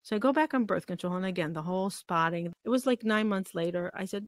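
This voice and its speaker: A woman in her thirties, a podcast guest, telling a personal story in conversation, animated and emotional, acting out what others said to her. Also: medium pitch, fairly quick, few pauses, no echo. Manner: emotional, animated retelling with quoted dialogue.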